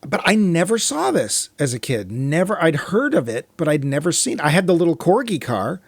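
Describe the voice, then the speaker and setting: A man co-hosting a movie podcast, talking in a casual, rambling way with quick asides. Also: on the high side, sing-song, no echo. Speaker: podcast co-host.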